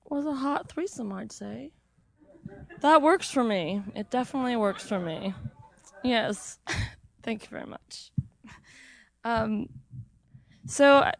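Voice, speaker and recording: A woman's voice: medium pitch, vocal fry. A woman hosting an event, talking casually with lots of fillers and little laughs. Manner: chatty, frequent fillers and laughs. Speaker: event host.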